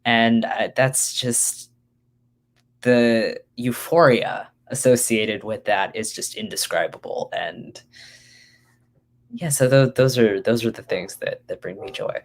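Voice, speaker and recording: A young guest with a mid-range voice speaking in a hesitant, halting way. They pause often between short phrases. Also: mid-range voice. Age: teens or young adult. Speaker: youth guest blogger. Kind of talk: casual live-stream conversation.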